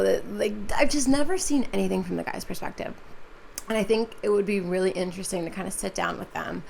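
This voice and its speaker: A woman's voice: medium pitch, gravelly, slight background noise. A twenty-one-year-old woman hosting her own podcast, talking casually and chattily with lots of "like" and "um". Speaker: podcast host.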